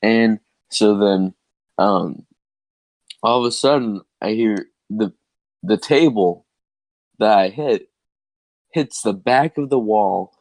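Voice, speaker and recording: A young man co-hosting a podcast, telling his side of a story in a slow, rambling, laid-back way. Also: lowish voice, darkish tone, no room sound. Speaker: podcast co-host. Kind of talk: casual storytelling chat. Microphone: headset.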